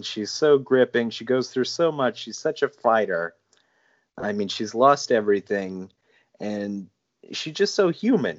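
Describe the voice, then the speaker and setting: A man's voice: fairly low pitch, lo-fi sound. A man guesting on a podcast in casual chat, gushing and enthusiastic.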